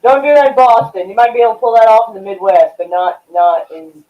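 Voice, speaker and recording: A woman's voice: a little high, lively intonation, fast talker. A woman hosting a casual livestream chat, giving wry reactions and swearing casually. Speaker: streamer host. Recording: dull, echoey, distant mic.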